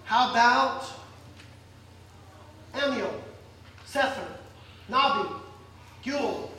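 A man's voice: extremely high pitch, extremely slow, sharp tone, heavy reverb, far from the mic, a little hiss or hum, low-quality recording. A male pastor preaching a sermon in a church, folksy and joking, acting out Bible scenes. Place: church sanctuary.

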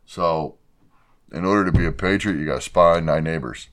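A man's voice: extremely low pitch, fairly quick, a bit bright. A man co-hosting a casual podcast, tossing out sarcastic, profane quips. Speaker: podcast co-host. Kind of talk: casual chat over drinks.

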